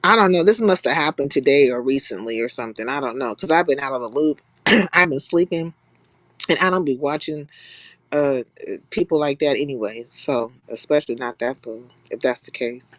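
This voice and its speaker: A woman's voice: extremely low pitch, moderate pace, no echo. A young woman from California hosting a live stream in blunt, profane, casual chat, laughing often. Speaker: livestream host.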